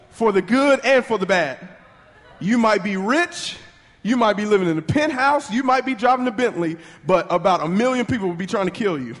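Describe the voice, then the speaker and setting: A man preaching a sermon with fervent energy, leading the congregation in call-and-response and speaking in rapid bursts with restarts. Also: very high-pitched, a bit bright, long reverb tail.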